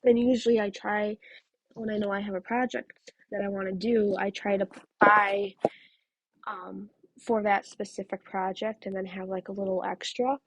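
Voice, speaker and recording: A woman chatting casually at home while she crochets, telling rambling stories and dropping into soft asides. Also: mid-range voice, flat delivery, normal speed, slight background noise. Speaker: crafting vlogger. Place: home craft room.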